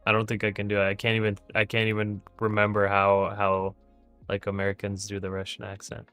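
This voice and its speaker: Male trading-stream host, casual, rambling; bright, forceful tone. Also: lowish voice, completely flat delivery, brisk, clean tone, no room sound, soft background music. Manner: chatty, thinks aloud with fillers and restarts. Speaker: day trading livestream host. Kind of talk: casual live trading commentary.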